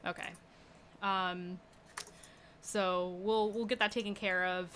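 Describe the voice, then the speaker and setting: A woman's voice: mid-range voice, little pitch movement, slow pace, a bit bright, a little hiss or hum. A woman narrating as game master, slipping into townsfolk voices now and then.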